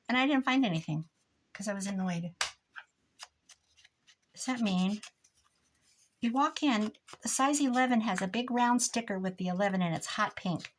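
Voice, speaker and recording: A woman's voice: mid-range voice, moderate pace, long pauses, slight background noise. Older woman rambling while crafting. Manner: chatty, rambling, mock-grumpy. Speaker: crafting vlogger. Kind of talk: casual chat while crafting.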